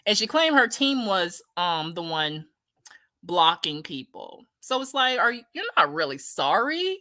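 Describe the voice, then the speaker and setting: A woman's voice: lowish voice, sing-song, measured pace, bright, forceful tone, no room sound. Blunt, indignant woman commentator. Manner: reads viewer comments aloud. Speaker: commentary host. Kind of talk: casual opinion commentary.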